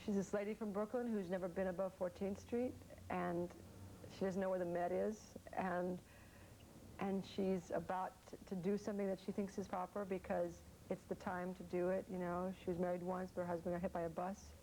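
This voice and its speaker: A woman's voice: on the low side, level tone, moderate pace, dark tone, a little hiss or hum, low-quality recording. An actress in her forties answering interview questions in a rambling, chatty way with many fillers.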